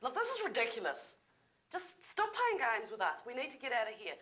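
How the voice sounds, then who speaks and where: An actress with a New Zealand accent playing a blunt, sarcastic focus-group member. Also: female voice, fairly low pitch, animated, brisk, a bit bright, far from the mic. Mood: exasperated. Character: blunt, exasperated young woman in a focus group.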